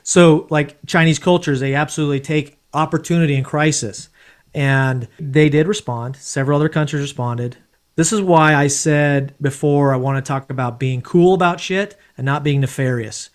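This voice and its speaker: A man's voice: fairly high pitch, moderate pace. A man, a former Green Beret, telling stories casually as a podcast guest, blunt and profane. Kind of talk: casual storytelling.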